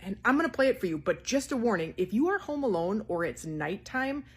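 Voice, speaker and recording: Woman host, slightly husky tone, chatty intro to creepy stories. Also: mid-range voice, very animated, fairly quick. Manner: chatty, uses fillers like "like". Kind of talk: casual storytelling.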